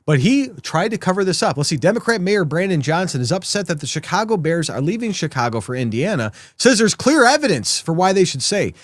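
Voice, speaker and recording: A man's voice: high-pitched, sing-song, a little fast, hardly any pauses, dry recording, clean studio sound. A man hosting a live political commentary show, talking sarcastically and mockingly to his viewers.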